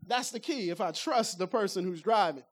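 A woman preaching a lively sermon in a conversational way, firing rhetorical questions at the congregation and acting out everyday talk to make her points. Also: mid-range voice, normal speed, breathy edge.

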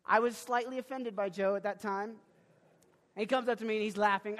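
A young man preaching a sermon and telling a personal story, animated, with sudden loud bursts and many restarts. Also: high-pitched, brisk. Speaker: pastor. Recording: long reverb of a large hall.

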